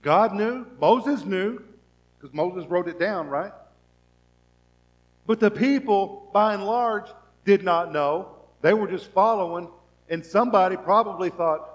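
A man preaching a sermon as pastor, asking the congregation rhetorical questions and acting out people's thoughts, swinging from soft to loud. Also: high-pitched, measured pace, muffled recording.

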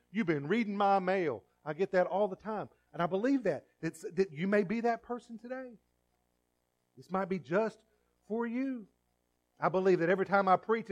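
Male pastor, higher-pitched, sermon delivery with hushed asides and loud emphatic peaks. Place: church.

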